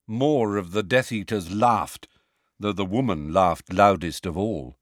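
A man reading a fantasy novel aloud as narrator, measured and dramatic. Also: low voice, dry recording, studio quality. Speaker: audiobook narrator. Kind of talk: scripted narration.

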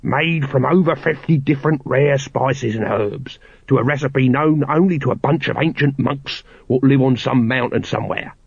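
A man voicing a shifty, fast-talking male street hawker with a wheedling salesman's patter. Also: mid-range voice, vocal fry, darkish tone, slightly rough, no room sound. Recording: dry, slightly dull studio recording.

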